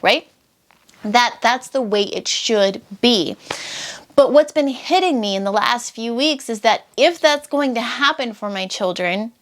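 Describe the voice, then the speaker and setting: Pastor, woman, thirties; a touch high-pitched, earnest and conversational as she preaches to camera. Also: fairly bright tone. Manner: earnest, conversational, repeats key phrases. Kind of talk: sermon delivered to camera.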